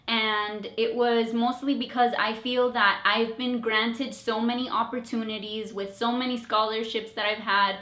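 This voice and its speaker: A woman's voice: on the high side, echoey room. A young woman, a nurse, telling a story to her viewers in a casual vlog, acting out her own thoughts. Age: young adult. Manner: animated, acts out her own thoughts in quotes. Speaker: nurse vlogger.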